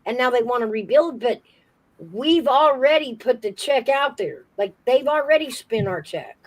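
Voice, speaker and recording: Opinionated lady going off about politics, kinda high voice. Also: lively intonation, normal speed, low-quality recording. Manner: forceful, opinionated. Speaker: podcast co-host. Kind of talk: casual political chat.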